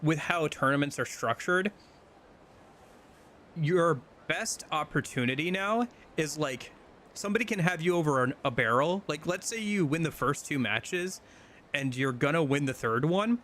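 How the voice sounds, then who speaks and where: A man's voice: a little high, lively intonation, normal speed, a bit bright, slight background noise. A man streaming a video game, chatting casually and rambling with lots of fillers and restarts. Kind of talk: casual gameplay chat.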